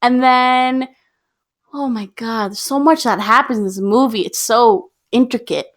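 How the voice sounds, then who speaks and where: A woman's voice: a little high, unhurried. A young woman co-hosting a podcast, casually recapping a film and acting out the characters' lines as she goes. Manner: animated storytelling, acts out characters' lines. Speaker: podcast co-host. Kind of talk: casual movie recap chat.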